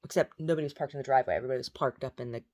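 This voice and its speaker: A woman's voice: very deep voice, racing, mellow. A woman telling about a strange dream in a casual vlog, rambling with many fillers and restarts. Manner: baby talk to her pet dog. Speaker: vlogger.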